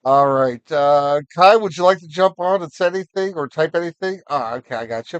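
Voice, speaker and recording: A man's voice: a little high, fairly quick, hardly any pauses, clear, resonant tone, dry recording. Male livestream host, rambling, encouraging; dry, dull audio. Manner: encouraging, rambling with many fillers. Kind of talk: casual live-stream chat.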